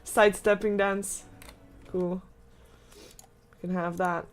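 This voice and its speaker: A young woman casting a live esports match, giving quick, excitable play-by-play and laughing along. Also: mid-range voice. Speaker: esports caster. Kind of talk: live game commentary.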